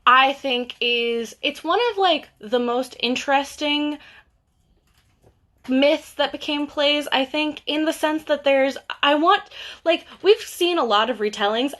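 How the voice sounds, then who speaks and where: A young woman's high, fairly bright voice carries her livestream book talk. As a bookseller hosting the chat, she talks casually and fills it with fillers and asides.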